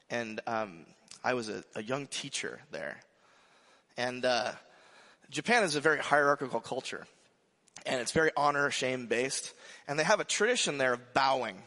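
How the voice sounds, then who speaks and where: A man preaching a casual, conversational sermon as pastor, animated and full of restarts and asides. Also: medium pitch, moderate pace. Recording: long hall reverb.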